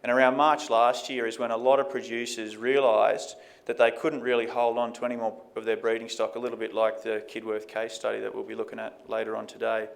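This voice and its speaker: A man's voice: lowish voice, completely flat delivery, brisk, creaky, few pauses. A man with an Australian accent, presenting market figures in a conversational way at a conference. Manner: conversational, fillers like "you know". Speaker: economist giving a presentation.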